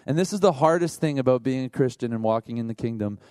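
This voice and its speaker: A man who is a worship leader, preaching in a conversational, animated way with asides to the congregation. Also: mid-range voice, quick pace, clean tone, no echo. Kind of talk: sermon.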